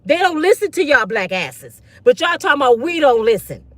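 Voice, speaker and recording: A woman's voice: sits high, very animated, brisk, no room sound. A woman ranting bluntly and profanely in a casual livestream on her phone. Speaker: online commentator.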